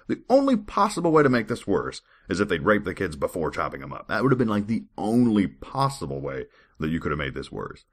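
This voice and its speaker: Very deep, husky-voiced sarcastic man. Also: a bit bright. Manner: sarcastic, incredulous asides. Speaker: podcast host. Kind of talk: casual commentary with scripture reading.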